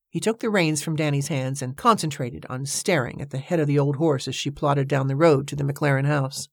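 A woman narrates a historical novel in a low, steady voice. Her delivery is measured and even, and the sound is dry and close with no room tone. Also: creaky, dry recording. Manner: steady storytelling. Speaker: audiobook narrator. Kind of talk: scripted narration.

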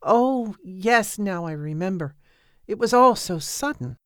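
A woman's voice: expressive, unhurried, clear, resonant tone, no echo, studio quality, natural voice. A woman reading an audiobook, voicing a dazed, frightened young woman patient in a pleading voice. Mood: confused. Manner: pleading, higher and more urgent than the narration. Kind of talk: audiobook character voice.

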